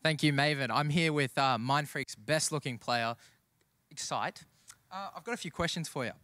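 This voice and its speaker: A man's voice: fairly high pitch, normal speed, pushed and bright, no echo, clean studio sound. A young man interviewing a gamer on stage, teasing him playfully. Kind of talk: light interview.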